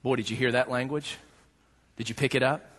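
Husky preacher in a reverberant hall. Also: male voice, mid-range voice, steady tone, fairly quick. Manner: dynamic preaching, swings from hushed to shouting. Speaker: pastor. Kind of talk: sermon. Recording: echoey hall, long reverb.

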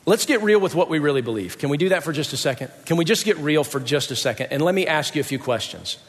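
Emphatic preacher in a reverberant hall. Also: male voice, fairly high pitch, lively intonation, fast. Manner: emphatic, repeats rhetorical questions. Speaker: pastor. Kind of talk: sermon. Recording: long reverb of a large hall.

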